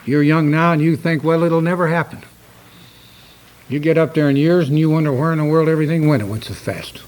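Older guy preaching, stern and emphatic, slowish scripture reading, kinda high voice. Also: a little mellow, low-quality recording. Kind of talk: sermon.

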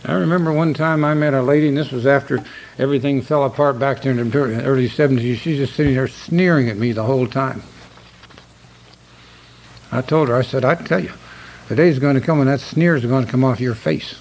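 An older man preaching a sermon, stern and emphatic, slowing down to read scripture aloud. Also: medium pitch, a little mellow, a little hiss or hum, low-quality recording.

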